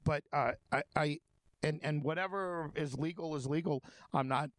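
With a fairly high pitch and normal speed, a man hosting a talk show rambles through his stories, full of fillers and restarted sentences, in a relaxed conversation. The sound has no echo.

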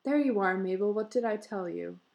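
A woman reading the part of a pushy, excitable bearded husband, talking in a boisterous, insistent way. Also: medium pitch, brisk, creaky, close to an everyday voice. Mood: coaxing.

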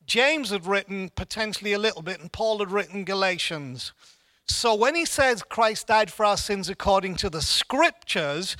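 A man's voice: high-pitched, sharp tone, no room sound. A man giving an informal church Bible teaching in an earnest way, often repeating words as he restarts.

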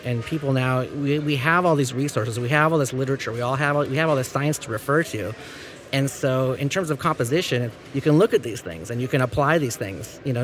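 A man's voice: mid-range voice, a little hiss or hum. A man who plays in a hardcore band, talking casually in an interview and acting out quotes with lots of filler words. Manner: animated storyteller, acts out quotes with many fillers. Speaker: touring musician in a hardcore band.

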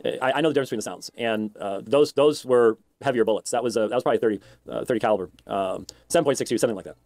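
A man speaks in a halting way, pausing often between phrases. His voice sits at an ordinary male pitch. The recording is dry. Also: a little mellow, dry recording. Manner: halting, with many pauses. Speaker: commentator in a played clip.

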